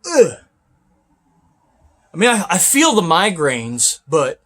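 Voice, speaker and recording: Profane ranting trucker man, high lively voice. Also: takes it slowly, pauses often. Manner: profane, sarcastic, bursts into shouting. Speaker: truck driver reviewing trucking companies. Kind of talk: angry ranting vlog.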